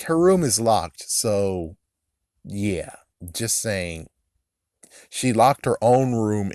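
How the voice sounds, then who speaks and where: A man with a lowish voice talks through an episode recap in a loose, rambling way, throwing in profane asides and short laughs. The sound is dry and close, with no room around him. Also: dry recording. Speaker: episode reviewer. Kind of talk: casual recap and commentary.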